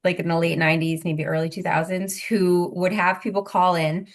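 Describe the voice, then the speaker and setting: A woman co-hosting a podcast in casual chat, telling stories in a lively, chatty way with lots of "like". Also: lowish voice, moderate pace. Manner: chatty, animated storytelling with lots of "like". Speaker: podcast co-host.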